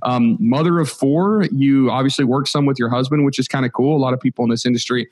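A man's voice: medium pitch, fast talker, a little mellow. A man hosting a podcast interview, joking and rambling in a loose, casual way. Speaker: podcast host.

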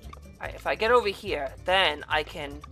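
A woman giving angry gameplay commentary, cursing and yelling in exasperation. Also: low-pitched, normal speed, faint music behind. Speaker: gaming video creator.

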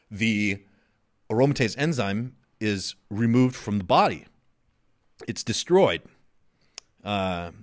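A man hosting a podcast and answering listener questions off the cuff, blunt and profane, with many ums and restarts, getting loud and worked up. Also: on the low side, no room sound, clean studio sound. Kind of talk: casual monologue.

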